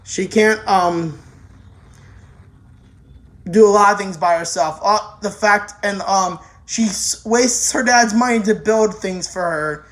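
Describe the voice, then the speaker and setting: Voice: mid-range voice, slow pace. An anime reviewer giving a casual, rambling spoken review, full of restarts and offhand swearing.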